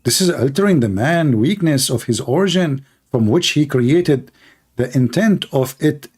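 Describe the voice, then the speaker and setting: A man's voice: fairly high pitch, a little mellow. Sarcastic, mocking male debater. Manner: broken, non-native English phrasing. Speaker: online debater. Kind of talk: livestream debate commentary.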